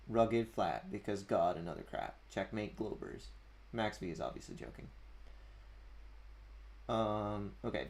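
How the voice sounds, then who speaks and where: A man's voice: on the low side, creaky. A man hosting a casual livestream, chatting and reading out viewer comments with a chuckle. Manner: chatty, chuckling, reads usernames aloud. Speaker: livestream host. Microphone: desk mic at a streaming setup.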